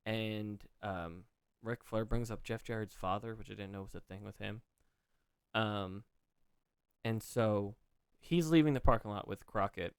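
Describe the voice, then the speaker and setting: A man's voice: lowish voice, measured pace, clean tone, dry recording. A man co-hosting a podcast, recapping a wrestling story in casual chat, rambling with frequent restarts and fillers. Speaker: podcast co-host.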